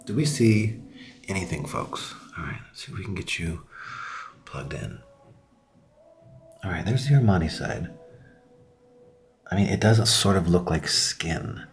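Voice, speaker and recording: A young man chatting casually as he tries out makeup on camera, upbeat and talkative, sometimes dropping to a whisper while he applies it. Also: low voice. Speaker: beauty vlogger. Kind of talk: casual makeup tutorial chat.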